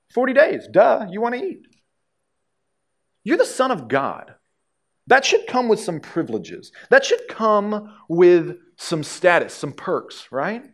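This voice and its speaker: A man's voice: high-pitched, pitched above the performer's own voice, full character voice. A man voicing a sly, mocking male devil who goads and sneers as he tempts. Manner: goading, sneering.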